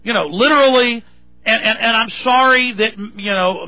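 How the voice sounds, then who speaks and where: A man's voice: high-pitched, fast. A man hosting a talk radio show, telling a story in a rambling, indignant way with many restarts. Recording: tinny phone-like radio sound.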